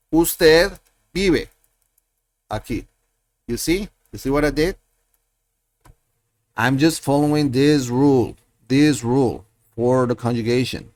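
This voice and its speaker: A man with a fairly high voice teaches Spanish at a slow, careful pace, repeating each example so it sinks in. He sounds close to the mic in a dry room with no echo. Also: a little mellow. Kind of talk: screen-share language lesson.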